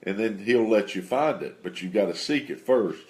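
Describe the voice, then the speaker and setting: A man telling a personal faith testimony in an unhurried, halting way with many fillers. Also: fairly low pitch, expressive, a little mellow.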